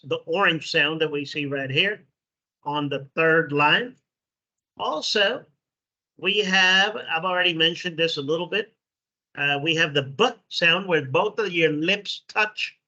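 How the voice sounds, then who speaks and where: Guy teaching english sounds, sharp bright voice, really slow, muffled lo-fi audio. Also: fairly high pitch. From Mexico. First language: Spanish. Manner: slow, repeats sounds, checks in with "okay". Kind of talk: classroom phonetics lesson. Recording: dull lo-fi recording.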